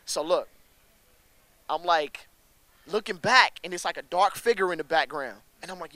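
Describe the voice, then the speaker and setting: A young man, a rapper, telling stories in a casual interview with a slangy, animated manner that jumps up in pitch when he gets excited. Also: moderate pace, long pauses, dry recording. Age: young adult.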